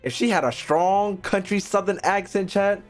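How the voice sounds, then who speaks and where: A man streaming a video game, reacting in loud, profane, casual commentary. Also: high-pitched, normal speed, soft background music. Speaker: gaming streamer. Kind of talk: casual let's-play commentary.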